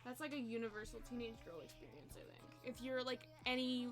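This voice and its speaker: A woman in her twenties chatting casually with her live chat as a streamer, swearing, laughing often and saying "like" a lot, with a quiet song playing behind her. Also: fairly high pitch, big pitch swings, fast, soft background music. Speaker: livestreamer. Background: quiet pop song playing.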